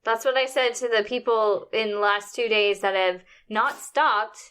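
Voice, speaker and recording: A woman co-hosts a casual podcast chat. Her voice sits somewhat high, and she keeps chiming in to agree. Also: a little slow, fairly bright tone, clear, resonant tone. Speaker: podcast co-host.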